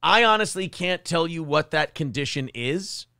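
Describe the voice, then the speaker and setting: A man co-hosting a morning radio show, talking casually with a sarcastic, mocking edge and frequent laughter. His voice sits a bit high for a man. The studio sound is dry and close. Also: animated, normal speed, vocal fry, pushed and bright, dry recording. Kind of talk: casual comedic chat.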